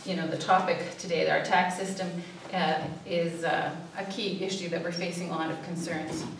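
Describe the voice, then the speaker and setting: A woman's voice: lowish voice, flat delivery, normal speed, noisy background. Woman speaking in an echoey hall. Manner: storytelling, acts out cries for help; hesitant, many fillers. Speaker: social worker giving a talk. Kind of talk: public talk with slides. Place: church hall. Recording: echoey hall, distant mic.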